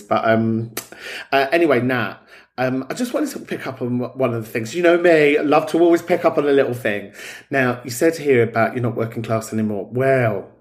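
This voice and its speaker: A man hosting a podcast, talking in a frank, sweary and chatty way. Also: mid-range voice. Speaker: podcast host. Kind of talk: casual chat.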